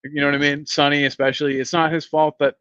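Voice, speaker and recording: A man's voice: on the high side, level tone, quick pace, a bit bright, clean tone, no echo. A man hosting a casual fan stream, rambling and reading viewer comments aloud. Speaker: podcast host reading live chat. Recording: dry, dull lo-fi mic sound.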